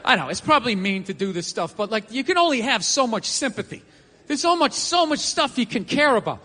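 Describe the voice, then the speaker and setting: A man doing a stand-up comedy rant on a theater stage, sarcastic and profane, often shouting. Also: extremely high pitch, big pitch swings, brisk. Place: theater stage before a live audience. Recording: long hall reverb with faint ambience.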